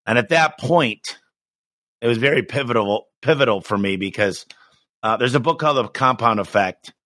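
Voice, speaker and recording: A middle-aged man talking in a casual podcast interview, energetic and emphatic, often restarting his sentences. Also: medium pitch, no room sound. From United States. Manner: energetic, emphatic, quick restarts, acts out quoted voices. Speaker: business owner guest.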